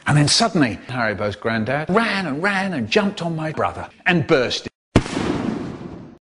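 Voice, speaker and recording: A man telling comic stories in an animated, exaggerated way, with sudden leaps in pitch. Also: measured pace, very noisy. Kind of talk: spliced comic storytelling.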